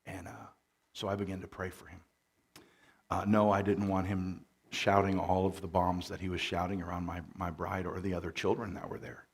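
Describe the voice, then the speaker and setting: A middle-aged man, a pastor telling stories in a relaxed, joking sermon full of fillers. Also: sits low, normal speed, slightly rough. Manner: folksy storytelling with jokes and fillers; louder and more forceful after the mic change. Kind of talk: conversational sermon. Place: church.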